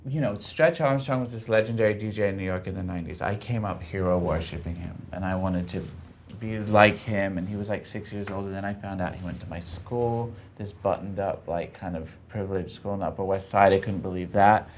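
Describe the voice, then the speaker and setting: A man from England with a mixed American and English accent, a guest telling stories in casual conversation, animated and swearing freely. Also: low-pitched, fairly quick, a little hiss or hum. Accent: mix of American and English.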